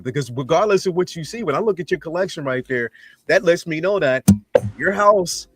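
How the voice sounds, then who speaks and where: A man chatting on a toy collecting panel, profane and animated, giving a heartfelt pep talk. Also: a little high, fairly quick, breathy edge, no room sound. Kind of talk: casual panel chat.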